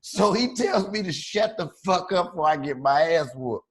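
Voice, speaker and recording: A man's voice: high voice, lively intonation, moderate pace. A man from Chicago telling a wild story on a podcast in a loose, profane, slangy way, laughing as he goes. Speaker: podcast co-host. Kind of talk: casual storytelling.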